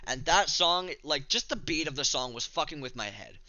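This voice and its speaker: A man's voice: on the high side, expressive, normal speed, pushed and bright, no room sound, muffled recording. A young man from Canada casually telling a rambling, profane, self-mocking story to the camera. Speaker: vlogger.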